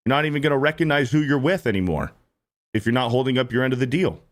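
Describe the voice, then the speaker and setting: A man in his thirties hosts a stream and reacts to clips with animated, profane, casual rants, often repeating himself. His voice is mid-range and he talks fast.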